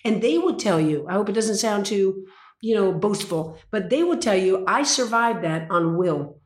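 A woman's voice: medium pitch, expressive, normal speed. An older woman in her sixties, a guest in an interview, telling stories intensely and dramatically. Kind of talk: interview conversation. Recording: roomy echo.

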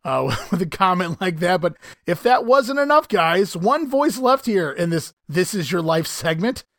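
Male podcast host, lively and incredulous, dry close mic. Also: high voice, a little slow, dry recording. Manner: animated, laughs often, incredulous. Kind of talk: casual podcast commentary.

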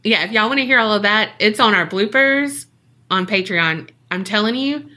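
A woman's voice: mid-range voice, animated, moderate pace, sharp tone. A woman co-hosting a podcast, telling a true-crime case in a casual, jokey way and acting out the people she quotes.

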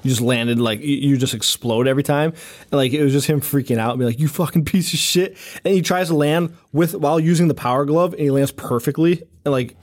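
Male co-host, casual tangent-prone storyteller, mid pitch, easygoing delivery. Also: fast, a little mellow. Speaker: podcast co-host. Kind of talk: casual chat.

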